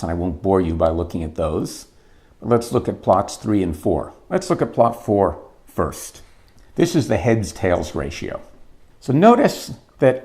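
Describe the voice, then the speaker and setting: Lively-pitched male lecturer, lowish voice. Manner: measured, explanatory, walking through plots. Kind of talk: recorded course lecture.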